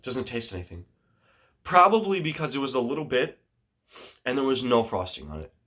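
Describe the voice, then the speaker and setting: A man recounting a story to his viewers, loose and lively, with swearing dropped in everywhere. He often stumbles and starts his sentences over as he goes. His voice sits at an ordinary pitch for a man. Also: fairly quick. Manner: animated, swears freely, restarts a lot. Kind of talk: casual storytime vlog.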